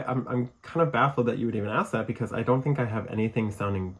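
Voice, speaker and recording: A man with a Michigan accent chats on his live podcast show. His talk is loose and rambling, full of asides and quick laughs. His pitch sits in a middle range for a man. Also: animated, a little hiss or hum. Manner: chatty, rambling, laughs often. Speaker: podcast host. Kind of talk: casual live-show chat.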